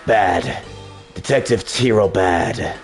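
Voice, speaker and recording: Gruff hard-boiled detective, very deep voice, clipped grim phrasing. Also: male voice, takes it slowly, soft background music. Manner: clipped, grim, few words.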